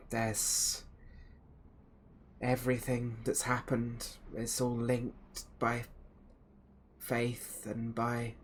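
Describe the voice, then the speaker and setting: A man's voice: medium pitch, a bit bright, a little hiss or hum. A man playing an earnest pious adventurer. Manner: measured, slow, hesitant.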